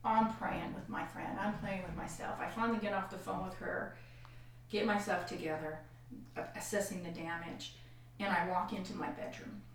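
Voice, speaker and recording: A woman tells a hard personal story as a podcast guest, her voice lively and expressive as she acts out what others said. She sounds a little distant from the microphone. A strong echo fills the room, with a faint hiss underneath. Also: on the low side, moderate pace. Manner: animated, acts out quoted voices, frequent laughs. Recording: far-off echoey room mic.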